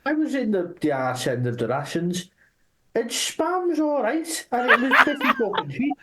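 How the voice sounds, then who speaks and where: Someone doing a rambling grumpy old boomer. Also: big pitch swings, moderate pace, heavy background noise, natural voice. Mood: grumbling. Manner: rambling, gruff. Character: grumbling old boomer man, wartime memories.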